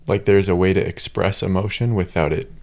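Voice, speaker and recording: A man hosting a podcast, relaxed and thoughtful as he recounts a story in casual chat. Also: low voice, brisk, vocal fry. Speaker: podcast host.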